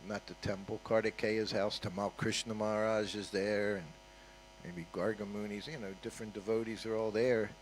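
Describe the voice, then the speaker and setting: An older man tells stories informally as a guest speaker at a temple, his fairly low voice flat and moderately paced. He keeps it conversational, dropping frequent "you know" and "huh?" asides. The poor audio carries a little hiss or hum.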